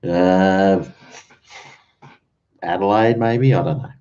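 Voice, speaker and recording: A man's voice: low-pitched, slow pace, dark tone. An Australian man hosting a late-night livestream, rambling in an easygoing way and chuckling between thoughts, on dull lo-fi stream audio. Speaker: livestream host.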